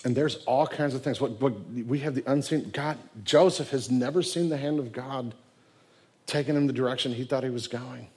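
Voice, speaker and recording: A man preaching a sermon, telling a Bible story in an animated way and acting out its voices. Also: mid-range voice, moderate pace, husky. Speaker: pastor.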